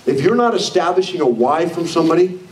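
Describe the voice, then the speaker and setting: A fast-talking male leadership trainer with a fairly high voice gives an upbeat motivational talk to a live audience, energetically voicing the people he quotes. He's captured from far off in an echoey hall, and faint noise sits under the audio.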